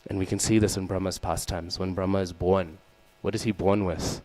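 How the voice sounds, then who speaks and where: A man's voice: sits low, level tone, brisk, dark tone, poor audio. A man giving a sermon as he tells a devotional story, acting out the figures and asking the listeners questions, often adding "right?" and "hmm?". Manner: storytelling, acts out the quoted figures. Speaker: speaker giving a scripture class.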